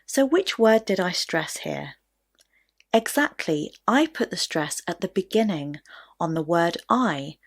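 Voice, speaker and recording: Lady teaching pronunciation, lowish voice that swoops around a lot, clear and deliberate. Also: expressive. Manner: clear, deliberate, stresses words for demonstration. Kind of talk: scripted lesson to camera.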